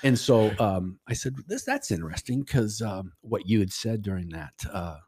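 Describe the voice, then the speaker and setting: A man's voice: on the low side, big pitch swings, moderate pace, darkish tone, slightly rough, no room sound, clean studio sound. A middle-aged man telling a personal story as a podcast guest, rambling with restarts and quoted dialogue. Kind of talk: casual storytelling.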